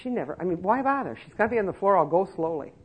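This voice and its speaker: A woman's voice: on the low side, animated, very fast, darkish tone, slightly rough, poor audio. A woman giving a lecture to nursing-home staff, emphatic and conversational, with many rhetorical questions. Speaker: elder-care trainer.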